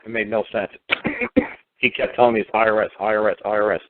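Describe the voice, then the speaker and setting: A man's voice: lowish voice, little pitch movement, fast talker, noisy background. A man talking in a casual radio conversation, emphatic and sarcastic, repeating his points over and over. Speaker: guest speaker on law. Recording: tinny phone line.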